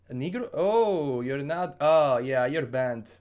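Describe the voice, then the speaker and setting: A man's voice: medium pitch, expressive, slow, a little mellow. A man from Bosnia with a Bosnian accent, hosting a casual gaming livestream and answering viewer questions in an upbeat, rambling way with frequent restarts.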